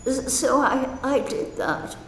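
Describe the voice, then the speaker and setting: An elderly woman, a retired wartime nurse, gently telling personal stories with fillers and soft laughs. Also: high-pitched, expressive, slow pace, slight background noise. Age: older. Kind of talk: personal storytelling. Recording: roomy echo with faint ambience.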